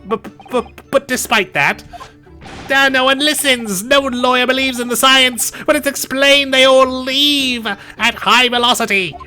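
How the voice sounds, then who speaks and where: A man voicing an eccentric, excitable older male scientist who stammers and shouts his theories. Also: very high voice, measured pace, faint music behind, pitched above the performer's own voice, heavily acted. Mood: excited. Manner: stammering, loud, overexcited.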